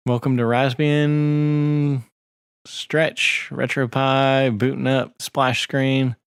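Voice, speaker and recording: A man's voice: medium pitch, vocal fry, no room sound, clean studio sound. A man co-hosting a podcast in casual chat, rambling and swearing freely while he reads text off a screen. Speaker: podcast co-host.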